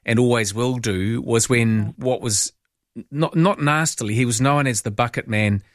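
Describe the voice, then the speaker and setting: A man's voice: medium pitch, normal speed, dry recording, clean studio sound. A man hosting a talkback radio show, chatting casually and joking around. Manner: playful, jokey, lively asides. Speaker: radio host. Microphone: studio microphone.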